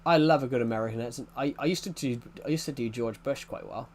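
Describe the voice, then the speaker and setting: A man's voice: mid-range voice, fast talker, darkish tone. A man with an English accent rambling in casual chat as a gaming YouTuber, often restarting his sentences. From United Kingdom. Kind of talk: casual chat while playing a game.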